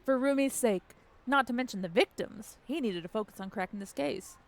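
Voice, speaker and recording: A woman's voice: a little high, fairly quick. Joking woman streamer reading a game aloud. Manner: joking, reacts and swears between narration lines. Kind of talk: live game playthrough read aloud.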